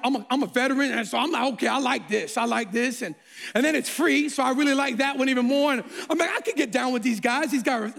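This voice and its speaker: A man's voice: very high voice, gravelly, fairly bright tone. A middle-aged man, a pastor, preaching a sermon that opens with a self-mocking personal story, talking animatedly and often repeating words. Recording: long hall reverb.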